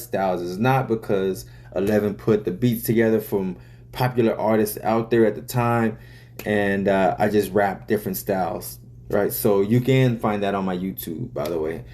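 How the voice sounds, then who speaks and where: A man's voice: lowish voice, moderate pace, dark tone. A man, a rapper, casually explaining the story behind his song's lyrics in loose, profane talk full of fillers.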